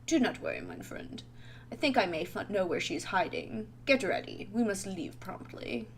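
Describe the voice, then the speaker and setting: A woman's voice: mid-range voice, wildly swooping pitch, moderate pace, slight background noise. Woman voicing a grave old British doctor. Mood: reassuring. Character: older male doctor, calm and grave.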